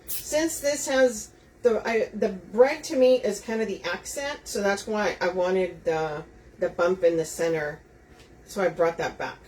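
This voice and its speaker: This wreath-making host runs a live craft demo, conversing with viewers and guiding each step. Her medium-pitched voice is a little mellow and a little slow, captured from a distance with faint room noise.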